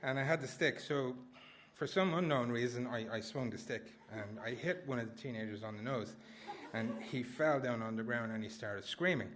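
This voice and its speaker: A man's voice: mid-range voice, normal speed, hardly any pauses, a bit bright, a little hiss or hum. A man performing a comic personal story at a live story slam, rambling and self-mocking, laughing through his lines. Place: small live venue indoors.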